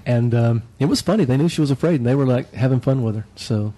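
A man chatting as a guest on a podcast roundtable, telling a relaxed, rambling story about a day out. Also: medium pitch, quick pace. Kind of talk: casual roundtable chat.

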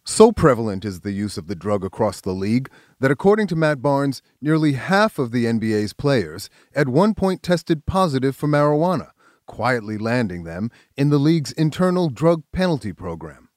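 A man who hosts a news segment, reading scripted narration in a measured reporter's delivery. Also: medium pitch, big pitch swings, darkish tone, dry recording, clean studio sound. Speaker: news correspondent and host.

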